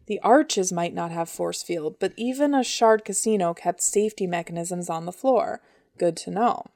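A woman's voice: fairly low pitch, dark tone, no room sound. Woman narrating a story, dry sound. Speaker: audiobook narrator. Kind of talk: scripted narration.

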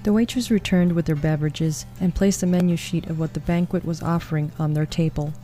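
A woman narrates a storybook tale in a calm, even way. Her voice is fairly low and mellow, and soft music plays underneath. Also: fairly quick.

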